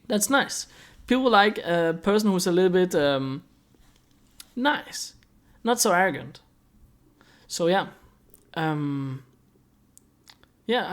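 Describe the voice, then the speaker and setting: A young man from Denmark, explaining a hobby in a rambling, chatty way with many fillers. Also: high voice. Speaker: airsoft YouTuber. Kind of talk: casual explainer vlog.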